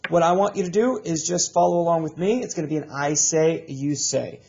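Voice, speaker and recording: A man teaching a recorded reading lesson to children, drilling sounds and words in slow call-and-response. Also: on the high side, gravelly, darkish tone, muffled recording, a little hiss or hum.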